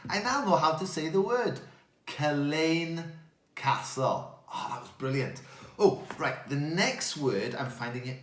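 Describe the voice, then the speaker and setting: Animated man talking to children. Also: a little high, reverberant. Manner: animated, playful storyteller voice. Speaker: children's speaker. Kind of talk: children's talk.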